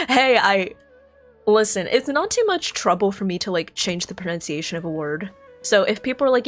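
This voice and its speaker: Lively, chatty American woman streamer. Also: mid-range voice, moderate pace, soft background music. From United States. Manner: chatty and rambling, thinks aloud, self-correcting. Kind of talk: casual chat with live stream chat.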